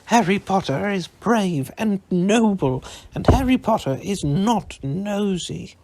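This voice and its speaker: A man's voice: a little high, creaky, slightly rough, pitched above the performer's own voice, heavily acted. A man voicing a devoted male house-elf who talks in an eager, humble way. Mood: earnest. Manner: eager, quick to scold.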